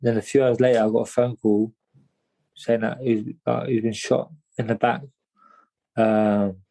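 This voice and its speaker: A man's voice: medium pitch, little pitch movement, measured pace, gravelly, warm tone, low-quality recording. A young man, a boxer talking as a podcast guest in casual storytelling, rambling and repeating himself with lots of "mate". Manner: rambling, repeats words, many "mate" and "do you know what I mean".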